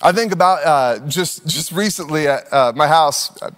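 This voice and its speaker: A man in his thirties preaching a sermon in a conversational, animated storytelling manner, slipping into playful put-on voices. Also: a little high, normal speed, big-room sound. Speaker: pastor.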